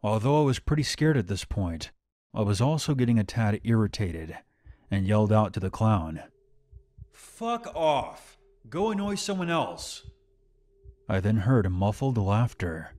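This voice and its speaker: A man narrating a scripted horror story in a steady, measured way. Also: lowish voice, dry recording.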